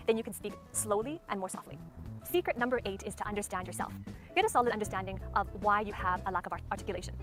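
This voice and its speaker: A woman talking very fast as she explains speaking techniques. Her enunciation is crisp and her delivery instructive, with her voice sitting at an average pitch. Faint music plays behind her. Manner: brisk, clearly enunciated teaching delivery. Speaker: speaking coach. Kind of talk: instructional talk to camera.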